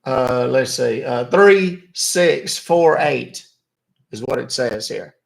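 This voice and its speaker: Man doing a folksy, bumbling phone caller, slow and polite, voice still a bit worn. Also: mid-range voice, lively intonation, vocal fry, heavily acted. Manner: slow, rambling, fumbling with numbers. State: voice not fully recovered. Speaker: scam-baiting caller.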